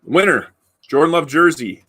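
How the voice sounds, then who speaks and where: A man's voice: fairly high pitch, animated, normal speed, bright, forceful tone. A man hosting a live stream giveaway, chatting loosely with many fillers and restarts. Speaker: podcast host running a giveaway. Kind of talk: casual live-stream chat.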